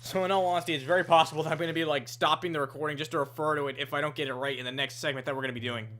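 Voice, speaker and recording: A man's voice: fairly high pitch, fairly even intonation, racing, a bit bright. A young man casually commentating a video game, wry and rambling, with the odd swear and aside. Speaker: let's play commentator. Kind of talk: game commentary, reading dialogue aloud.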